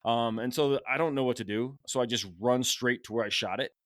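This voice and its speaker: A man telling a hunting tale on a podcast, lively, with a bright, forceful tone. He jumps into raised voices to replay what was shouted. The recording is dry and close. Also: mid-range voice, brisk, dry recording. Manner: animated, acts out shouted quotes. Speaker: podcast host. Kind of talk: casual storytelling.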